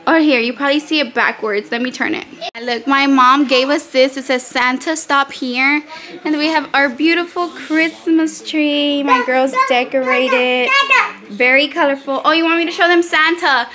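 A woman's voice: high-pitched, moderate pace, noisy background. A woman chatting casually with her vlog viewers, laughing often and sounding full after a meal. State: pregnant, very full after eating. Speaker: vlogger. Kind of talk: casual chat. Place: restaurant, then home by the Christmas tree.

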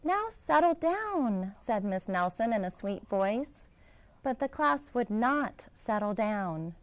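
A woman, a school director, reading a children's picture book aloud in a gentle storytelling manner. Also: mid-range voice, lively intonation, slow pace, poor audio.

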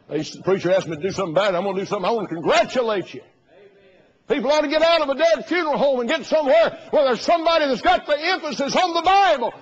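Pastor, man, mid-high husky voice, animated storytelling sermon. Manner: storytelling preacher, acting out quoted voices loudly. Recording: dull lo-fi sermon recording.

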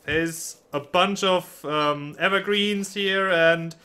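Bright-voiced, stammering young man gaming. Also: sits high, takes it slowly, clear, resonant tone. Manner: flustered, stammering, wry. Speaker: gameplay host. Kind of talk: casual gaming chat.

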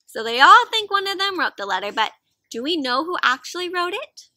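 A woman reading aloud to children with a high, very bright voice, animated and full of questions to her young listeners. The recording is close and dry, with no room sound at all. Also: brisk, dry recording. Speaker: children's storyteller. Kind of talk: interactive read-aloud for kids.

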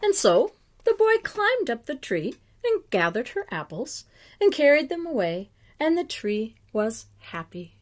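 A woman reading a children's picture book aloud, slow and expressive, sometimes dropping to a hush. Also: high voice. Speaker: children's story reader.

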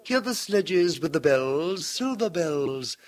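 A man giving a dramatic literary reading with crisp, precise diction, swinging between hushed murmurs and loud declaiming. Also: a little high, sing-song, takes it slowly. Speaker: reader of classic verse and tales.

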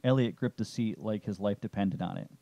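A man narrating a story chapter in a steady, descriptive way. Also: lowish voice, a little fast, gravelly, no room sound, lo-fi sound.

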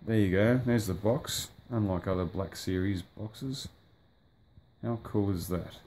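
A man with a lowish voice rambles through a casual toy review, offhand and easygoing, dropping fillers and the odd curse. He talks in a room indoors, with a faint hiss underneath. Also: measured pace, warm tone. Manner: rambling, offhand, swears at the sunlight. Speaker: toy collector reviewing a figure. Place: indoors by a sunny window.

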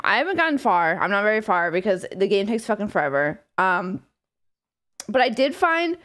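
High, lively giggly woman streamer. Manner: giggly, swears a lot, rambles excitedly. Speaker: livestreamer. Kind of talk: casual live-stream chat.

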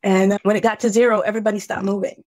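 A middle-aged woman, a podcast guest, telling a painful personal story in an earnest, heartfelt way, halting at the hardest moments. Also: mid-range voice, little pitch movement, a little mellow, no room sound.

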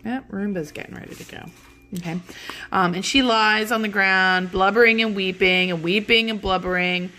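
A woman's voice: medium pitch, fairly even intonation, normal speed, bright, forceful tone, soft background music. A woman teaching a class, retelling a play in casual words and often checking in with "okay?". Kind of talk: explaining a play to students.

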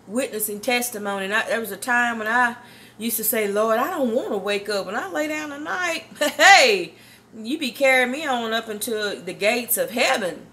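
A woman's voice: fairly high pitch, fairly bright tone. A middle-aged woman giving a devotional morning testimony, chatty and exuberant, laughing often and repeating phrases like a preacher. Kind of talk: informal devotional talk.

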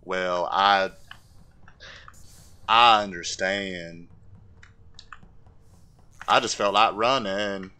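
A man doing an impression of a slow, simple-hearted southern man from a film, with a folksy drawl, while gaming. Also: sits low, pushed and bright, clean tone, heavily acted.

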